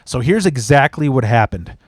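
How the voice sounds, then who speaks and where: A man's voice: medium pitch, lively intonation, normal speed, breathy edge, dry recording. A young man hosting a podcast, telling a story in blunt, profane, casual chat and slipping into mimicry of other people. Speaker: podcast host.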